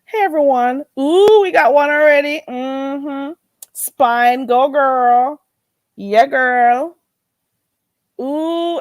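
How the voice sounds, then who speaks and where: Lady chatting on her live stream, bouncy up and down voice, kinda high, dry close sound. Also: no echo. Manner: animated, playful, laughs often, sing-song greetings. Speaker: livestream host. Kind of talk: casual livestream chat, greeting viewers.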